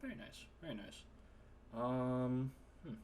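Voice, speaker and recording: A man's voice: medium pitch, slow, darkish tone, a little hiss or hum. A man hosting a podcast interview, hesitant and fumbling for his words. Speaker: podcast host. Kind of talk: casual interview.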